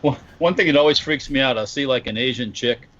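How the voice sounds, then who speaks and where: A man's voice: mid-range voice, quick pace, fairly bright tone, lo-fi sound, slight background noise. A man co-hosting a podcast, chatting casually, blurting out jokes and laughing a lot. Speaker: podcast co-host. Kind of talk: casual chat.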